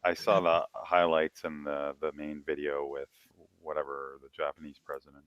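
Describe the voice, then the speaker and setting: A man's voice: very deep voice, level tone, moderate pace, smooth, dry recording, muffled recording. A man co-hosting a podcast, talking in a laid-back, dryly wry way. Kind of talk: casual chat.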